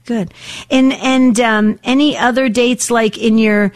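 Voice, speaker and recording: An older woman hosting a Catholic call-in radio program, talking in a warm, emotional way with many fillers and restarts. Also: on the high side, fairly even intonation, slow pace.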